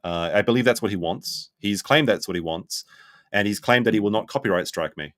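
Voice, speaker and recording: Male streamer, low voice, blunt skeptical commentary, dry close mic. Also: brisk, fairly bright tone, no room sound. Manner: skeptical, blunt, thinks aloud. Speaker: streamer reacting to a documentary. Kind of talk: live stream commentary, reading chat.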